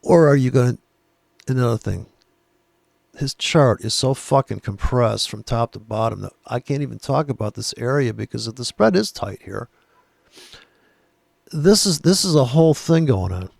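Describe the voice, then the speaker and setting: A man's voice: mid-range voice, expressive, moderate pace, vocal fry, a little mellow, dry recording, clean studio sound. A man giving casual chart commentary, blunt and profane, rambling with sarcastic asides. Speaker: trading educator.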